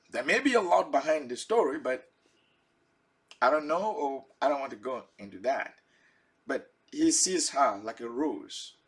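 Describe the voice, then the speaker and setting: High, lively, husky male preacher. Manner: asks listeners direct rhetorical questions; chuckles now and then while explaining. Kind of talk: Bible teaching sermon.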